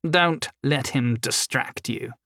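A man doing a creepy, soft-spoken elf. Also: mid-range voice, takes it slowly, no room sound, studio quality. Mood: soothing. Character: creepy pale male elf, quiet menace.

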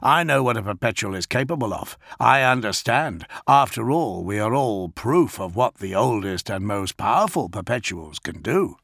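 Guy doing a menacing warrior-priest, slow and measured, gravelly low voice. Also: lively intonation, fairly bright tone, no echo, studio quality, heavily acted. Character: stern scheming male warrior-priest.

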